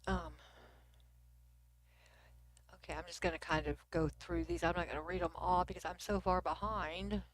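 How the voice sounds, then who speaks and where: A middle-aged woman from Texas, Texan accent and all, runs a casual livestream where she reads comments and chats with viewers at her computer. She talks at a moderate pace in a fairly low, steady voice, pausing often and sometimes nearly whispering, with slight background noise.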